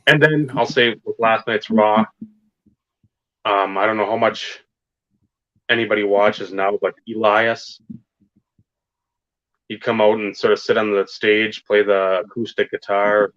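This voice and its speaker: This man speaks in a lowish, steady, slightly bright voice, a little slowly and with frequent pauses. Co-hosting a podcast, he rambles profanely about wrestling and stresses his opinions like a true fan. The audio is dry, dull and lo-fi.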